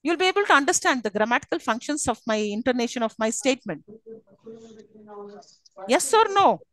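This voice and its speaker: Woman lecturing with a high voice. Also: very animated, fairly quick, a bit bright, no echo. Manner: explanatory, checks understanding with repeated "okay?" and "isn't it?". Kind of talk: online university lecture.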